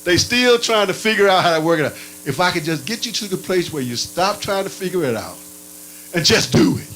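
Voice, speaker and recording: A man preaching a sermon in a playful, animated way, his pitch swinging up and down and sometimes breaking into barking sounds. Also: a little fast, slight background noise, low-quality recording.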